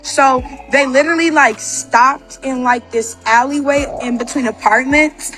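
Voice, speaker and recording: A young woman speaks in a bright, high register, spilling out a personal story in loose storytime fashion. Her sentences are padded with "like" and restart often. Faint music sits underneath. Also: steady tone. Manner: rapid, filler-heavy with constant "like". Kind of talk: casual storytime.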